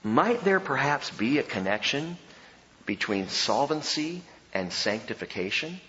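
A man preaching a sermon as pastor, animated and emphatic with humorous asides. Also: medium pitch, a little slow. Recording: dull sound with long hall reverb.

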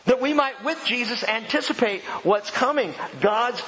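Male pastor, high and lively, sermon in an echoey hall. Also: moderate pace, lo-fi sound, a crowd in the background. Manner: animated, emphatic preaching with rhetorical questions.

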